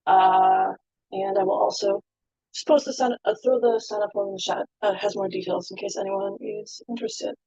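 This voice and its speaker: A woman reading her poetry at an online open mic, slow and soft, out of breath, then chatting with fillers. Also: medium pitch, fairly even intonation, gravelly, dry recording, muffled recording. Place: home, online video call.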